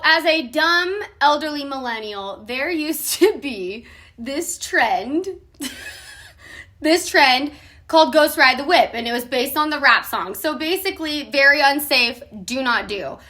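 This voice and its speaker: A woman in her thirties tells a casual story to camera, animated and quick to laugh. Her voice sits high and bright. She swears freely as she goes.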